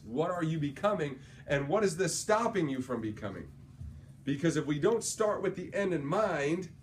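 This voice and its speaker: Here a slightly high male voice, with a little hiss or hum in the recording, leads a motivational sales training. He's an energetic storyteller who tags his lines with "right?".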